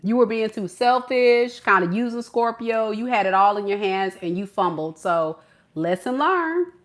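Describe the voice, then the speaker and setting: A woman tarot reader giving a reading to the camera in an animated, playful, slangy way, laughing often. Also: mid-range voice, normal speed.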